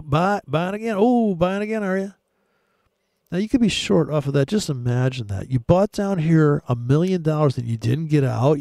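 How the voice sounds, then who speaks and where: Gravelly laid-back trader talking charts. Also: male voice, fairly high pitch, dark tone, no echo, clean studio sound. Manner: crude, sarcastic, mocking. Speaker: forex trader. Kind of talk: casual trading commentary over live chart.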